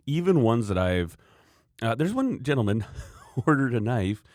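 A man's voice: mid-range voice, very animated, a little slow, darkish tone, no room sound, studio quality. A man in casual podcast chat, telling rambling anecdotes about his customers and acting out what they said. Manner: rambling storyteller, acts out quoted customers. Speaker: podcast co-host, knife maker.

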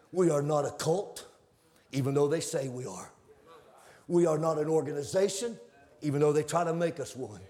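A man preaching a fervent sermon, telling stories in a folksy way and building to shouted climaxes. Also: on the high side. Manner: storytelling in a folksy, conversational way.

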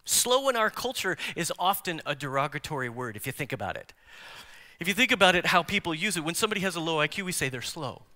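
A man preaching a sermon as a pastor in a church, swinging between emphatic declarations and hushed near-whispers and putting questions straight to the congregation. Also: fairly high pitch, big pitch swings, fast. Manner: engages the congregation with direct questions. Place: large church sanctuary. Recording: long hall reverb from church sanctuary.

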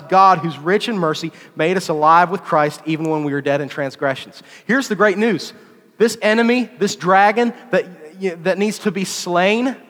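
A fairly high-voiced man preaches in a lively, chatty way and drives his points home by repeating phrases. His voice rings out through a hall with a long echo. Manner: animated, conversational preaching with repetitions. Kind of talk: sermon.

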